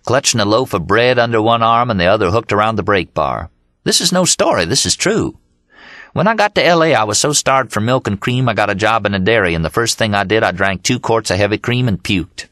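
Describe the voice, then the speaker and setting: A man narrating an audiobook voicing Dean, a manic, excited young man who boasts and yells. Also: lowish voice, no echo, studio quality. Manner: exuberant yelling, rapid storytelling.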